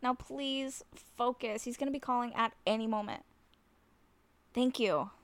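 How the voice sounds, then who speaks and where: In a scripted audio role-play, a nervous woman talks on the phone to a friend, flustered and self-conscious, often laughing nervously as she addresses the listener. Her voice is on the high side and a little slow, with no room sound.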